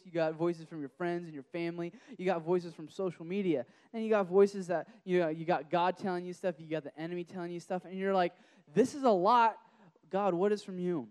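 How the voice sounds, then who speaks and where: Young male preacher, high clear voice, chatty and animated, dry close recording. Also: dry recording. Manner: conversational, animated, many restarts and fillers. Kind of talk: casual sermon to a group.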